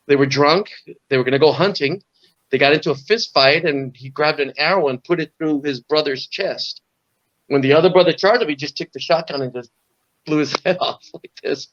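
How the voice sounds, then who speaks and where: A middle-aged man from Southern California, a guest musician telling lively stories in an interview, acting out voices and laughing often. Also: medium pitch, brisk. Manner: animated storyteller, acts out voices, laughs often. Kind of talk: storytelling in an interview. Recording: dull lo-fi audio.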